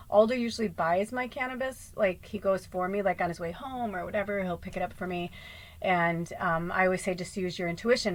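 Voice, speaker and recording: A woman's voice: medium pitch, rough recording. A woman hosting her own video, chatting casually to camera at home in a rambling, laughing way with some swearing. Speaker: spiritual channel host.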